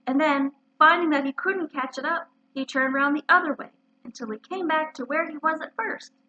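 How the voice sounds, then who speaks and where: A woman, a librarian, reading a children's story aloud in an expressive storytelling way, on a muffled lo-fi recording. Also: high-pitched, normal speed, a little hiss or hum.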